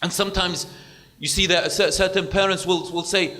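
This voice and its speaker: A man's voice: high voice, fairly even intonation, brisk, sharp tone, in a large hall. A man preacher giving a sermon, talking earnestly with frequent repeated words and acted-out quotes.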